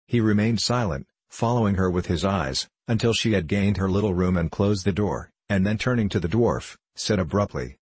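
A man narrating a classic novel in a measured, even way. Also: low-pitched, husky, dry recording. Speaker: audiobook narrator.

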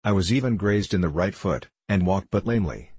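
A man voicing a timid, devout young runaway from an old adventure tale, speaking in low, breathy tones. He pleads in archaic phrasing, and the recording is dry and close. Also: animated, fairly quick, darkish tone, dry recording, exaggerated voice. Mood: earnest. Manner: pleading, old-fashioned speech. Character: timid gentle youth on the run, pious.

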